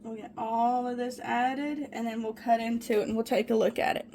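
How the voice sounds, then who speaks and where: A woman's fairly high voice moves at a normal speed, with noise behind her. She's a home cooking vlogger baking in a small kitchen, chatting away to viewers she calls "guys" and easily excited in a casual demo.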